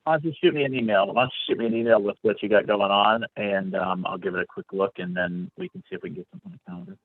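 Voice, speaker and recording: A man's voice: on the low side, expressive, rapid-fire, no echo. A man taking a sales call while driving, brushing it off noncommittally. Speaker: sales prospect on the phone. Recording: distant tinny phone line.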